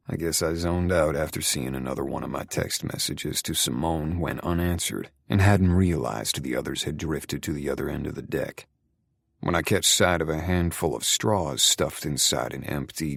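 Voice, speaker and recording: A man's voice: very deep voice, vocal fry, a bit bright, dry recording, studio quality. A man narrating a first-person romance audiobook in a brooding, intimate way.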